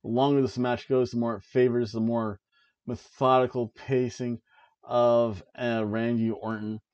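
A man's voice: mid-range voice, little pitch movement, measured pace, a little mellow, muffled recording. A man hosting a casual wrestling review show, rambling along and laughing at his own jokes as he sits at home. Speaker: podcast host reviewing wrestling. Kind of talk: casual chat. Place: home, seated in an old chair.

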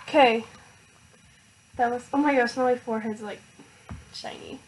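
A teenage girl vlogging an unboxing, hyper and excitable, with lots of filler words. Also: high voice, normal speed, pauses often, slight background noise, poor audio. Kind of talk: casual unboxing vlog.

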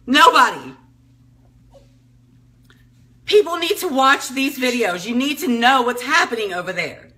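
A woman's voice: high-pitched, lively intonation, normal speed, pushed and bright. A woman in her thirties making an impassioned, emotional appeal, tearful and pleading, often repeating herself. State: tearful, crying at times. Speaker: speaker addressing the public.

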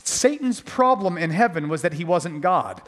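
A man's voice: sits high, lively intonation, moderate pace, in a large hall. A man preaching a sermon as pastor, emphatic and repetitive, with jokey asides.

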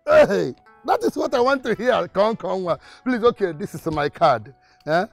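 Casting: Nigerian man a schmoozing local politician, high voice, gushing thanks. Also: animated, a little slow, no room sound, faint music behind. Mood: effusive. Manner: coaxing, effusive thanks. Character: smooth-talking male party politician. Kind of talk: film acting.

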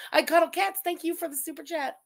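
A woman's voice: very high-pitched, moderate pace, creaky, fairly bright tone. A woman streamer giving crude, sarcastic reaction commentary and thanking viewers.

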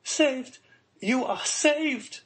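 A man's voice: unhurried, close to an everyday voice. A man voicing an overjoyed young daughter. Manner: breathless, high and excited. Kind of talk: audiobook character reading.

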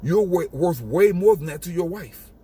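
A man's voice: sits high, lively intonation, normal speed, warm tone, slightly rough. A man giving an emphatic, repetitive motivational monologue in a casual street style. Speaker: motivational speaker.

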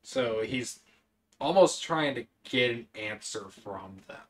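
A man's voice: medium pitch, animated, slow pace. A man playing a tabletop role-playing game, loosely describing his character's actions. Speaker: player. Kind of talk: casual tabletop play.

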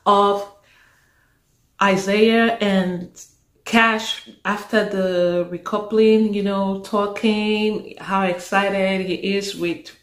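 A woman from Africa casually recapping a reality dating show, chatty and expressive, often exclaiming and laughing. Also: mid-range voice, very slow. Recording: roomy echo.

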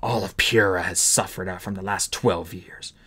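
A man's voice: sits low, steady tone, moderate pace, bright, forceful tone, breathy edge, heavily acted. A man voicing a defiant, wounded male ice dragon who speaks strained through pain.

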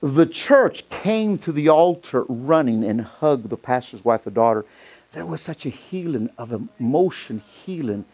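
A middle-aged man preaching a sermon in a church, telling a story and rising to loud, excited peaks. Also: mid-range voice, measured pace, slightly rough. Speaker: pastor.

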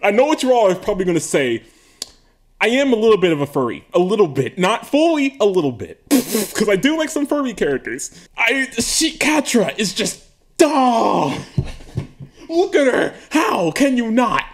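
A man with a high voice that swings widely up and down, talking to camera from an attic room. He rambles in an excitable, giggly way, and laughs and yelps often throughout his casual comedic monologue. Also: normal speed. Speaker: video creator.

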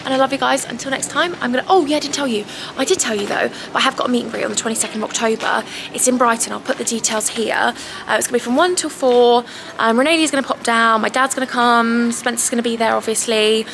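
A woman's voice: fairly high pitch, quick pace, creaky. A young English woman chatting through a casual shopping vlog, gushing over items and calling viewers huns. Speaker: vlogger. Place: large clothing store, indoors. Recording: noisy shop ambience.

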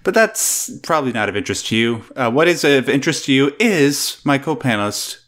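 A man's voice: mid-range voice, lively intonation, fairly quick, a bit bright. A man hosting an online news talk show, chatting with laughs and reading news items aloud over a call mic. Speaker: show host.

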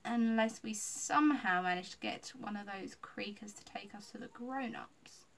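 A woman's voice: medium pitch, moderate pace, vocal fry, lightly acted. A woman voicing a thoughtful, scheming young boy in a storybook reading, talking earnestly. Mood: worried.

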